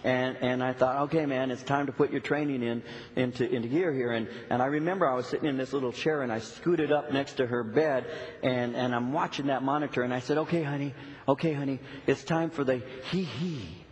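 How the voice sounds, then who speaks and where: A middle-aged male pastor preaching a sermon, telling a story with lots of repeated "and"s and lively retelling. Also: mid-range voice, brisk. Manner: storytelling, animated, with many repeated "and"s. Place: church sanctuary. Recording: long reverb of a church hall.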